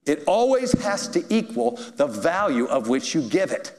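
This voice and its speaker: Animated high-voiced preacher in a hall. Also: male voice. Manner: animated, chuckling, drawn-out emphasis. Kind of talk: sermon storytelling. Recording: echoey hall.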